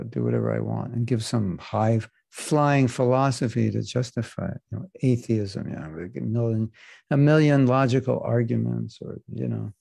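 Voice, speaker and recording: A man teaching a scripture class in a gravelly, mellow voice. He talks in a loose, joking way and drifts off on side remarks. The sound is dry and close. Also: mid-range voice, no echo. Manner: casual, joking, digressive. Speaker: spiritual teacher. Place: class in Florida.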